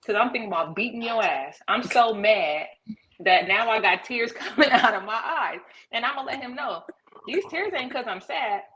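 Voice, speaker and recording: A woman's voice: on the high side, expressive, normal speed, fairly bright tone, a little hiss or hum, low-quality recording. A woman co-hosting a podcast, talking bluntly and emphatically with plenty of profanity in a casual debate. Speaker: podcast co-host.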